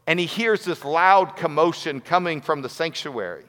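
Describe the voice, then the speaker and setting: A man's voice: a little high, animated, normal speed, fairly bright tone. Man preaching in a reverberant hall. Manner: earnest, storytelling with acted quotes. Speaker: pastor. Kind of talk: sermon.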